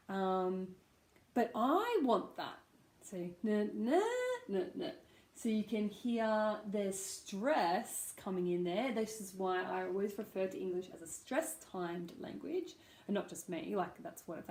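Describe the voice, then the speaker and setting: A woman with an Australian accent teaching pronunciation, chatty and demonstrating sounds slowly with frequent ums and little laughs. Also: medium pitch, darkish tone, echoey room, rough recording. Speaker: accent coach. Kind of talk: pronunciation lesson.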